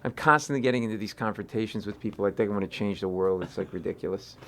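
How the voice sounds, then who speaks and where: A man, a comedian, telling animated stories in an interview and acting out voices in his anecdotes. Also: lowish voice, fast. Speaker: comedian guest. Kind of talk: storytelling interview chat.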